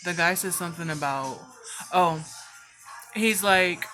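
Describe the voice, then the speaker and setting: A woman's voice: fairly low pitch, a little slow, sharp tone, soft background music. A woman telling a storytime vlog in casual chat, swearing freely and filling her speech with "like". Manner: casual, heavy cursing, frequent "like" fillers. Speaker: vlogger.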